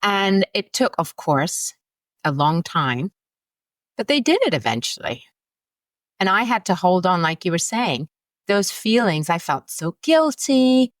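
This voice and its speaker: Candid lower-voiced woman psychologist. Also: big pitch swings, measured pace, no echo. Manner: candid, anecdotal, laughs often. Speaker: guest psychologist. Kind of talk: conversational podcast interview.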